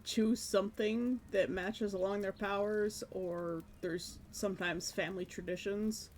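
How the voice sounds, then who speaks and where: A woman's voice: mid-range voice, fairly even intonation, a little slow, a little mellow, a little hiss or hum. A woman streaming live, chatting casually while she draws, musing and self-deprecating about her work. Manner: musing, self-deprecating, breaks into light laughs.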